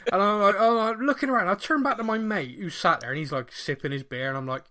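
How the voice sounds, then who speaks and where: A man with a Bristolian accent, co-hosting a podcast in casual chat, telling animated stories and laughing often. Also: sits high, fast. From Bristol, England. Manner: animated storyteller, laughs often, acts out voices. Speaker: podcast co-host.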